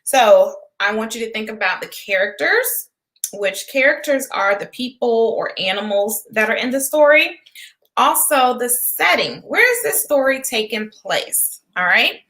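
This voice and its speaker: Casting: woman, kindergarten teacher, bright clear voice, sing-song story reading. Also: a little high, lively intonation, a little slow. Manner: guest in casual chat, with fillers. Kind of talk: reading aloud to children.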